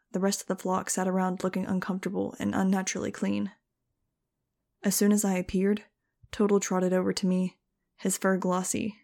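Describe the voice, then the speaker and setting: A woman's voice: mid-range voice, creaky, warm tone. A woman reading a first-person audiobook in a wry, casual storytelling manner. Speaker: audiobook narrator.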